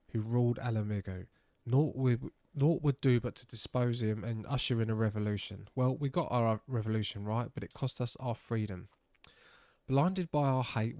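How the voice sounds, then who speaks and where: A man voicing a stern, weary male rebel elder in a measured, solemn reading. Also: fairly low pitch, darkish tone, dry recording, close to an everyday voice.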